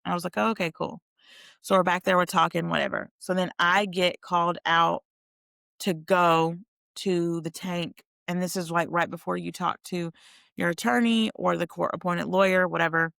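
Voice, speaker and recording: Casting: young woman, vlogger, chatty and animated storytelling, gravelly edge, dry close sound. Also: lowish voice, normal speed, no room sound. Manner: chatty, animated, addresses viewers as you guys. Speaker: vlogger telling a personal story. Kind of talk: casual storytelling to camera.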